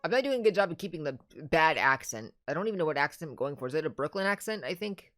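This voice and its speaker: A game streamer reading courtroom dialogue and chatting through a playthrough. The tone is casual and self-deprecating, with a lively pitch. Faint music plays behind. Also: fast, no room sound.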